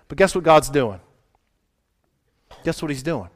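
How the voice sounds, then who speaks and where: High-voiced man preaching conversationally. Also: animated, a little slow, long pauses. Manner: conversational, asks the audience questions, acts out quoted voices. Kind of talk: sermon.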